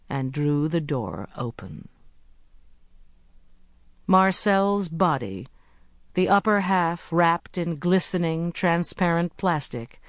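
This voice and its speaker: An audiobook narrator reading a mystery in a measured way, slowing down at tense moments. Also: mid-range voice, no room sound, studio quality. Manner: measured, slows for tension. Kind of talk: scripted narration.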